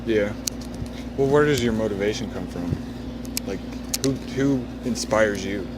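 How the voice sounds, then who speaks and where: A man's voice: fairly low pitch, a little slow. A man interviewing a band for a magazine, asking short questions in a laid-back, brief way. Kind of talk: casual interview. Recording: noisy street background.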